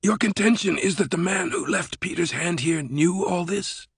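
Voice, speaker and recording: A man's voice: high voice, moderate pace, vocal fry, breathy edge, no echo, studio quality, pitched above the performer's own voice, full character voice. A man voicing a stern, skeptical woman security director who speaks with sarcasm and makes demands.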